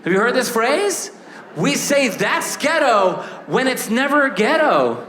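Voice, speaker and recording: A man in his thirties doing a stand-up comedy set, animated, acting out voices and shouting punchlines. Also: very high voice, unhurried, reverberant. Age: 30s. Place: stage before a laughing audience.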